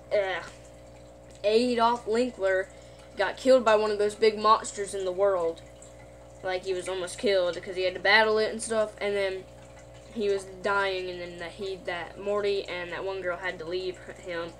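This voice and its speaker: Woman retelling a cartoon plot, lots of um and like, middle pitch, faint hum. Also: fairly even intonation, measured pace. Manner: rambling, full of "like" and "um", self-correcting. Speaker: video host.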